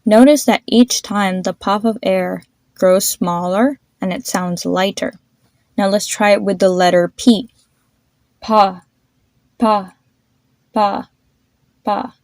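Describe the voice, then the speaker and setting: A woman hosting a pronunciation lesson, demonstrating sounds slowly and repeating them for the listener. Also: medium pitch, darkish tone, no room sound. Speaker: host teaching pronunciation.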